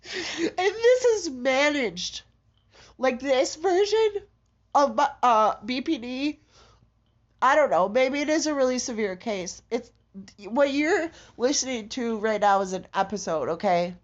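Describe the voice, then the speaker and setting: A woman in a raw confessional monologue, distraught and halting, swearing heavily and breaking into shaky laughter. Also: on the high side. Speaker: vlogger. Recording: dull lo-fi audio.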